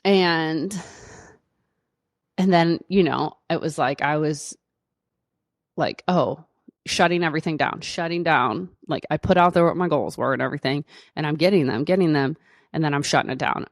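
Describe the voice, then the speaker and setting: Low-voiced woman doctor rambling through a story on her podcast, lots of likes and you knows, dry close sound. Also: normal speed, dry recording. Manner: chatty, lots of fillers, animated retelling. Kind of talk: casual solo podcast storytelling.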